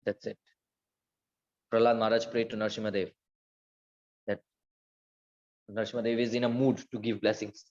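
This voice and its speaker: A man giving a devotional scripture class, telling stories with lively acted-out quotes and quickly chanted verses. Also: on the low side. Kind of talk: Gita class lecture. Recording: slightly dull lo-fi recording.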